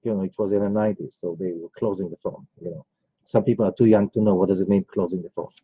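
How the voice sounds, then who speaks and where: This rabbi's deep, slightly rough voice holds a steady tone even at a quick pace. He teaches his class like a casual chat, rambling through personal anecdotes and frequent asides. The lo-fi audio is dull but free of echo.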